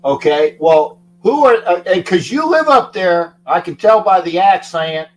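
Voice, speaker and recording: A male sports-talk host with a fairly high voice, talking loosely and emphatically. He stumbles over his words and repeats himself before he lands a point. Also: expressive, a little slow, slight background noise, poor audio. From Florida. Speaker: show host. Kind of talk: casual sports talk show.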